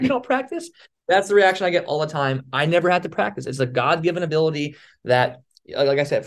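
A young man from the Philadelphia area telling stories as an interview guest, lively and acting out the other people's lines. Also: on the high side. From Philadelphia area, USA. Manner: animated storyteller, acts out quoted dialogue. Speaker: guest, balancing performer. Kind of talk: casual storytelling interview.

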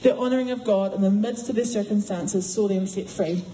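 A woman giving a sermon in a chatty, animated way, acting out voices as she retells a story. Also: mid-range voice, fairly quick, slight background noise. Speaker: preacher. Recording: echoey room.

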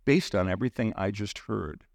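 A middle-aged man delivers a sermon in a lowish, steady voice, recorded close and dry. He carries the message through personal stories, lifting his voice sharply whenever he acts out what someone said. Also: moderate pace, vocal fry, no echo. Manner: storytelling, acts out quoted voices with sudden lifts. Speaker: preacher on a church teaching team.

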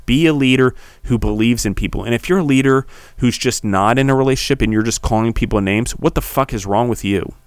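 A man hosting a podcast, delivering a heated, preachy solo monologue that swears and builds to shouting. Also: mid-range voice, brisk, few pauses, smooth, no echo. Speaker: podcast host.

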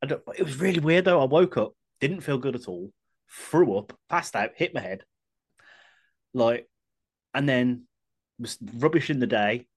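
Husky, lively man chatting. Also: medium pitch, moderate pace, long pauses. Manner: laughing, chatty, swearing. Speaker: podcast co-host. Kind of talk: casual chat.

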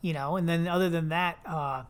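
A man's voice: on the high side, steady tone, brisk, over loud music. A man from the Philadelphia area co-hosting a podcast in casual chat, rambling and joking, often trailing off mid-sentence. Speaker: podcast co-host.

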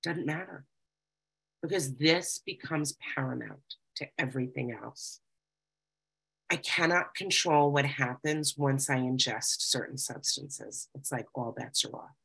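A woman's voice: extremely low pitch, a little slow, vocal fry, a bit bright, husky, rough recording. A middle-aged woman giving an earnest, confessional talk about recovery, reading passages aloud and reflecting on them. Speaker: speaker sharing recovery experience.

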